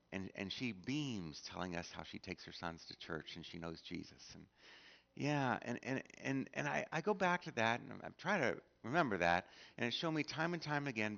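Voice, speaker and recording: A middle-aged male pastor tells stories from the pulpit, stumbling over fillers and restarts and acting out the people in them. His voice sits low but rises and falls a lot. The church livestream sounds muffled and lo-fi. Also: fairly bright tone. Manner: storytelling, acts out quoted speech with many fillers and restarts. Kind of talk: sermon. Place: church sanctuary.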